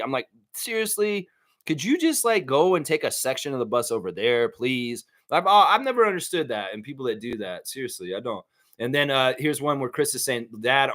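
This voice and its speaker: Male host, casual live-stream banter, quick laughs, easygoing. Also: medium pitch, a bit bright. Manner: chatty, laughs often, sings snippets, many fillers. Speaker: sports livestream host. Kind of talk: casual live chat reading viewer comments.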